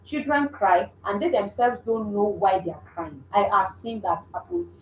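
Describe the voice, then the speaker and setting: A woman's voice: medium pitch, lively intonation, moderate pace, a little hiss or hum. A mother giving an instructive talk on parenting, earnest and repeating her points with many restarts. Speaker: parenting coach. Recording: echoey room.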